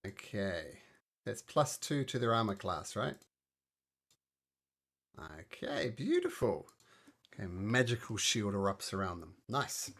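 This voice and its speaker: Lively game master running a tabletop session. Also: male voice, fairly low pitch, slow pace, vocal fry, long pauses. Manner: cheerful, chatty, bursts of excitement.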